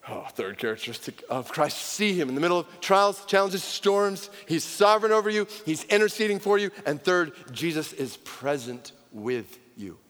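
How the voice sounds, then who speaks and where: Male pastor, sermon delivery, storytelling shifting to fervent emphasis, slightly high voice, long reverb of a large church. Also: animated, moderate pace, few pauses, a bit bright.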